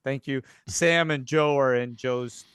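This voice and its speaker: A man's voice: mid-range voice, measured pace, a bit bright, clear, resonant tone, dry recording, clean studio sound. A man narrating as game master of a tabletop horror game, hesitant with many fillers.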